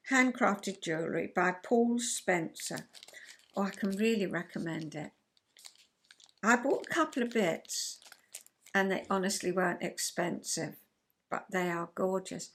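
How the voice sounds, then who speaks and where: A woman's voice: mid-range voice, a bit bright. An older woman from England chatting to camera in a rambling, enthusiastic way, laughing now and then. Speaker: vlogger. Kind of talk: casual chat to camera.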